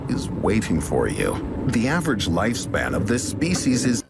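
A man narrates an explainer video from a script, his pitch swinging wildly from high to low. There is a gravelly fry to his voice, and clear background music plays under him. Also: wildly swooping pitch, normal speed.

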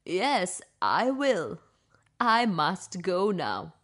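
A woman voicing a timid but clever old woman who pleads softly. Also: lowish voice, wildly swooping pitch, extremely slow, pitched below the performer's own voice, full character voice. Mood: calm.

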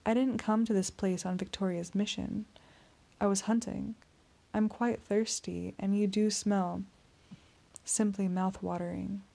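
A woman voicing a suave male vampire in an audiobook, speaking in a soft, courteous, menacing purr. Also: mid-range voice, fairly even intonation, unhurried, gravelly. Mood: silky menace. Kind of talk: audiobook character reading.

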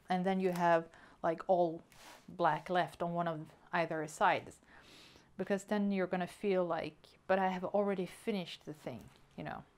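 Brief: unhurried, chatty woman host, excitable unboxing tone. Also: fairly low pitch. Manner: chatty and excitable, counting items aloud. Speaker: hobby vlogger. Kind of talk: casual unboxing chat.

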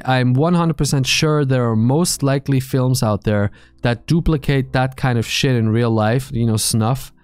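Male streamer, mid-pitched voice, casual rambling chat, swears a lot, dry close mic. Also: no room sound. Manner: profane, blunt, rambling.

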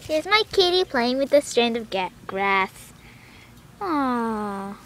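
A woman's voice: on the high side, sing-song, slow pace, a little hiss or hum. A young woman filming her cat outdoors, coaxing it in baby talk and laughing. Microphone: handheld camera.

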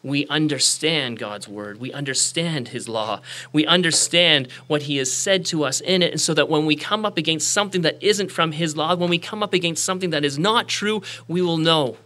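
A pastor preaching a sermon in church, telling a made-up parable and acting out the voices of its characters. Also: male voice, on the high side, normal speed, bright, forceful tone. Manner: storytelling preacher, acts out quoted voices. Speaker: guest pastor. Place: church sanctuary.

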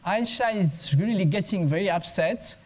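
A man with a notably high-pitched voice delivers a conference talk as an education consultant. He tells humorous anecdotes, occasionally restarting a word mid-sentence. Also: normal speed, a little mellow, poor audio. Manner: storytelling with humor and small restarts. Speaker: guest speaker, education consultant.

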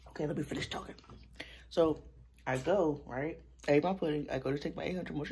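Talking fast in a deep, mellow, slightly rough voice, a young vlogger chats casually to her camera. Her mouth is sore from new braces, and now and then her speech sinks to a whisper.

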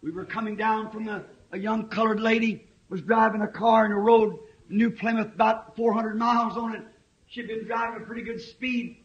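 Fiery preacher in his fifties, a man with a strikingly high voice, dull old tape recording. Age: 50s. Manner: impassioned, swings to shouting. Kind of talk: fiery sermon.

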